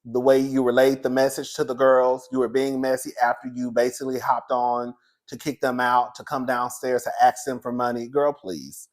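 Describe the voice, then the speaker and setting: A man giving casual, sassy commentary on a reality TV episode, chatty and quick to laugh. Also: medium pitch. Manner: sassy, chatty, laughs often, calls viewers "girl" and "baby". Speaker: reality TV reviewer.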